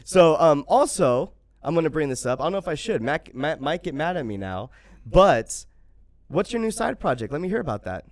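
Young dude podcast host, jokey, laughs a bunch, dry close mic. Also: male voice, fairly high pitch, very animated, normal speed, dry recording. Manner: jokey, laughs often, loud bursts. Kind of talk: casual podcast banter with ad reads.

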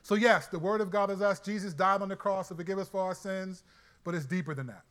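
Brief: male Bible teacher, animated and colloquial, high, forceful delivery. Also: clean tone. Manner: excitable, colloquial, quick restarts. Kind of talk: animated sermon-style teaching.

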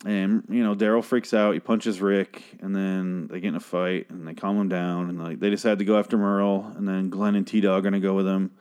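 A man's voice: low voice, flat delivery, fairly quick, hardly any pauses, a little mellow, smooth. Rambling, foul-mouthed young man recapping a show. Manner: rambling, crude, exasperated rants. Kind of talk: casual profane episode recap.

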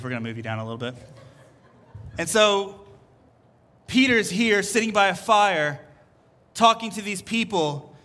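A man's voice: high voice, bright, forceful tone. A male pastor preaching a sermon in a loose, chatty storytelling way. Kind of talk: casual conversational sermon.

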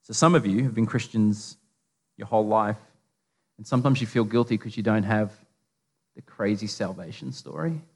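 In a large hall with long reverb, a man with an Australian accent gives a conversational sermon full of humor, stories and asides. His fairly low, breathy-edged voice moves at normal speed and pauses often.

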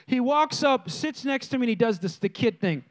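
A man with a strikingly high voice preaches to his congregation. He tells stories in a lively way and talks straight to the people in front of him. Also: moderate pace. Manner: lively storytelling preacher, addresses the congregation directly. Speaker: pastor. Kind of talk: sermon. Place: church.

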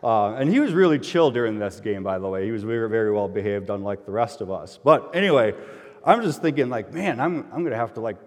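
Storytelling pastor in an echoing hall. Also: male voice, lowish voice, fast. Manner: conversational storytelling, grows loud and animated when excited. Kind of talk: sermon with personal story. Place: church sanctuary. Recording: long hall reverb.

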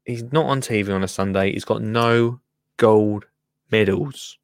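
A man's voice: on the low side, a little slow, no room sound, clean studio sound. A man hosting a casual livestream, chatty and laughing, often muttering to himself and trailing off while he works the computer. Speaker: livestream host. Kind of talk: casual live-stream chat.

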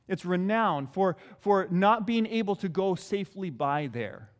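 A man's voice: sits high, animated, a little slow, long reverb tail. A male pastor preaching a sermon in a conversational way, repeating his key phrases.

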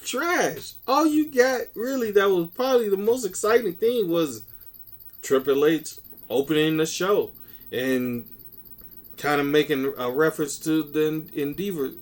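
A man co-hosting a casual wrestling podcast, ranting in an animated, profane and excitable way. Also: on the high side, a little slow. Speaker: podcast co-host.

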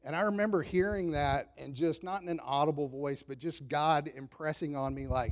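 Guy pastor preaching, chatty storytelling sermon, kinda high voice, laughs at himself a lot. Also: normal speed, hardly any pauses. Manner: conversational storytelling, self-deprecating, chuckles often.

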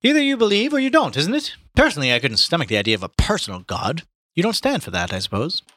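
A man reading aloud and voicing a smug, chatty English gentleman in a raised, emphatic tone. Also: a little high, fast, no echo, voice pushed up, exaggerated voice. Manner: raised, lively, emphatic delivery.

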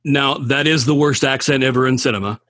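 A blunt, opinionated man talks casually on a podcast and swears freely. His voice is mid-pitched and somewhat husky. The sound is close and dry. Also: fairly even intonation, fairly quick, fairly bright tone, no echo. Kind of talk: casual chat.

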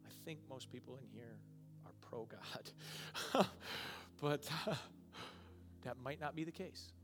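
A male pastor preaching a sermon, moving from quiet, emotional passages to loud, emphatic ones. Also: mid-range voice, moderate pace, music in the background. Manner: emotional, swings from soft and hushed to loud and emphatic.

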